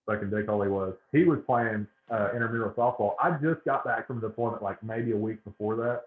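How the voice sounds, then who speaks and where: A man guest telling swear-laden stories in a casual, animated way. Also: lowish voice, fast. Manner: animated storyteller, swears a lot. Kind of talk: casual storytelling. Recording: tinny phone-like line with room echo.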